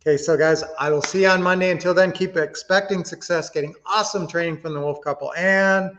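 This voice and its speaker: Upbeat male livestream host, slightly high voice, casual teaching tone, dull webcam-mic sound. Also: fairly even intonation, brisk, a bit bright. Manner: upbeat, chatty, addresses viewers as guys.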